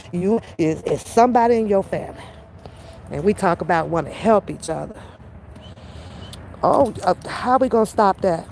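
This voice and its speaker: A woman's voice: mid-range voice, mellow, slight background noise. A woman giving her blunt, profane opinions in a casual commentary rant, repeating phrases for emphasis. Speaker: reaction commentator.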